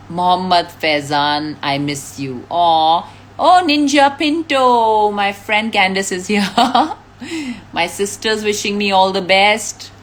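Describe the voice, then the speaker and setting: A woman's voice: medium pitch, slight background noise. A woman, chatting casually on a live stream, reading out fan comments, thanking people and laughing often. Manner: reads out names, thanks fans, laughs often.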